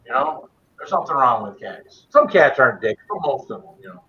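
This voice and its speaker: A man's voice: mid-range voice, very animated, fairly quick, dull audio. A man hosting a live stream from his basement, chatting casually and greeting viewers by name. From United States.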